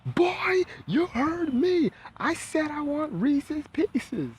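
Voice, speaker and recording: A man voicing a cranky old grandmother who yells and curses, in a high, shrill, bossy voice. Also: sing-song, drawn-out words, full character voice. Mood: bossy, scolding.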